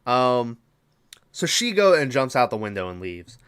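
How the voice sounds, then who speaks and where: A man's voice: medium pitch, very animated, unhurried, fairly bright tone, clean tone. Rambling, profane man recapping a film. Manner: rambling, profane retelling with fillers. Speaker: podcast host. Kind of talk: casual movie recap.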